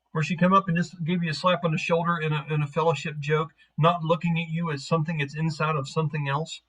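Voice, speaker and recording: A man's voice: a little high, fairly bright tone, poor audio. A man narrating as game master of a tabletop game, casual and profane, rambling through scenes.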